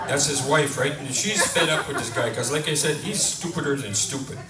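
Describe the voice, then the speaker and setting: A man's voice: a little high, brisk, a loud crowd. A man telling jokes on stage, rambling and folksy. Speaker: comedian. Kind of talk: stand-up joke telling. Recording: roomy, distant mic, faint noise.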